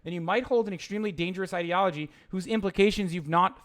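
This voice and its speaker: A man's voice: high-pitched, fast, a bit bright. A young man streaming live, reading chat aloud and ranting in a heated, profane, rambling way with frequent restarts. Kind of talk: livestream reading chat and commenting.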